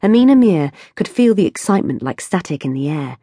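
Audiobook narrator: low-voiced, husky woman, measured read, dry close mic. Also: very animated, dark tone, no room sound. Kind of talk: scripted narration.

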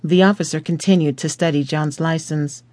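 Slow, measured male audiobook narrator. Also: on the high side, steady tone, a little mellow, dry recording. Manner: slow, measured, deliberate reading.

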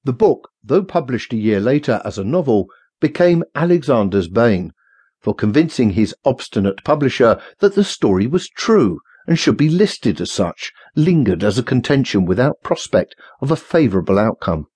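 A man with a husky voice reading a novel aloud in a measured, formal storytelling manner. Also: mid-range voice, sing-song, darkish tone, no room sound, clean studio sound. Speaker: audiobook narrator. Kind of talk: scripted narration.

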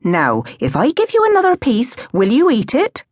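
Woman reading as firm scolding nursemaid, high raised voice, dry close sound. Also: wildly swooping pitch, normal speed, darkish tone, dry recording, full character voice.

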